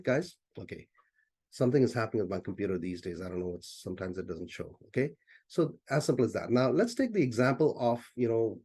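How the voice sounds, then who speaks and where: A man's voice: medium pitch, mellow, slightly rough. A man as a business coach, teaching in a loose, conversational way during an online session and often saying "you know".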